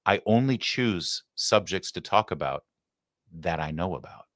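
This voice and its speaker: A man's voice: sits low, lively intonation, measured pace, fairly bright tone, dry recording, studio quality. A man hosting a live show, chatting casually and joking with plenty of filler "uh"s. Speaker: show host.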